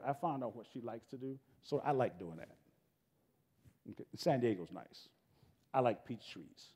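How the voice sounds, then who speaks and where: A middle-aged man, a guest speaker telling a homespun story to students in a folksy, animated way, often breaking off and restarting his sentences. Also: medium pitch. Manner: folksy, animated, self-interrupting, casual grammar. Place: school event space. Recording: long hall reverb.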